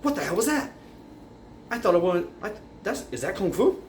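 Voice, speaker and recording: A man voicing an eager, clumsy young male kung fu student in a lively, pitched-up retelling. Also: takes it slowly, recorded from a distance, full character voice. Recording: roomy echo, faint background noise.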